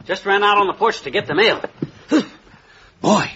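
Blustering radio husband McGee. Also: male voice, high-pitched, measured pace, noisy background. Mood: grumbling. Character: blustering stubborn middle-aged husband McGee. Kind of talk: 1940s radio comedy acting. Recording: dull lo-fi old radio transcription.

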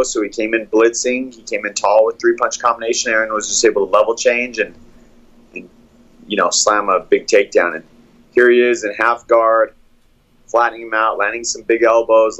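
A man who coaches fighters, calmly breaking down fight footage play by play in a steady, analytical way. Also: on the low side, lo-fi sound.

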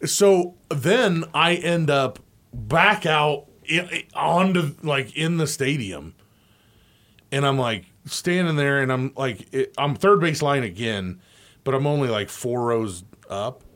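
A man's voice: medium pitch, slow. A man co-hosting a sports radio show, telling a long story with lots of laughter and acted-out voices. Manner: animated, laughing, acts out quoted voices.

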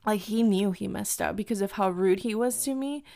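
A young woman casually telling a dating story, chatty and full of "like", acting out quoted lines in a higher voice. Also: normal speed, creaky, warm tone. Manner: chatty, fillers "like" constantly, acts out quotes in higher pitch. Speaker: storyteller sharing dating experiences.

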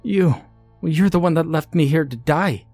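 A man voicing a frightened, injured young woman who sobs and pleads in a hoarse, panicked voice. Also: on the high side, normal speed, a little mellow, faint music behind, pitched above the performer's own voice. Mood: accusing. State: sobbing, hoarse.

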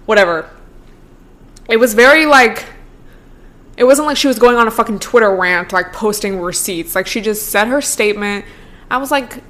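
Hosting a podcast alone, a woman in her twenties chats at a moderate pace in a medium-pitched, fairly bright voice. Her casual talk is peppered with "like" and swear words, and she laughs often.

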